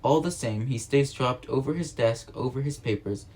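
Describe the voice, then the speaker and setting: An amateur home reader works through a novel, his mid-range voice even and his pace relaxed. Slips come frequently, and each time he goes back to correct himself.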